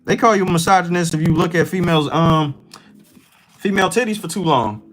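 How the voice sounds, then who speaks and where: A man's voice: a little high, a little fast, low-quality recording. Casual profane male livestreamer. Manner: rambling, loose and profane, reacting to chat. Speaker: livestream host. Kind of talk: casual chat with stream chat.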